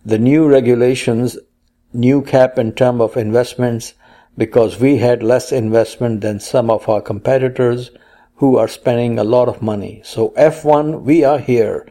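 A man's voice: medium pitch, mellow. A man co-hosting a casual chat, reading news items aloud with playful puns and quotes. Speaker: co-host.

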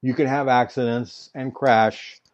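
A man co-hosting a racing podcast, teasing in a slow, wry way. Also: mid-range voice, fairly even intonation. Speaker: podcast co-host. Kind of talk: casual banter. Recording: dull lo-fi audio.

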